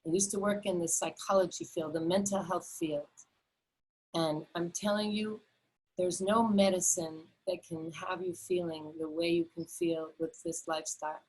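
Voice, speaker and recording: Husky-voiced middle-aged woman teaching online. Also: on the low side, steady tone, normal speed, a little mellow, low-quality recording. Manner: earnest, repetitive, many fillers and restarts. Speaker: health educator. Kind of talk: enthusiastic webinar talk.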